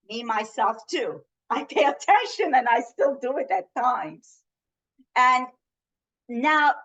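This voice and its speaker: A woman presenting an interactive webinar on communication, teaching in a gentle, earnest way and asking the audience questions, heard over a video call mic. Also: a little high, highs cut off.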